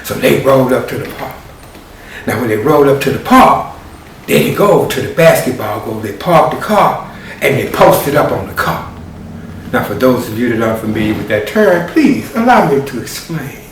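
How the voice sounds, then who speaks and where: A man telling a story live, animated and rhythmic with spoken sound effects. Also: mid-range voice, moderate pace, slight background noise. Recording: very echoey room, distant mic.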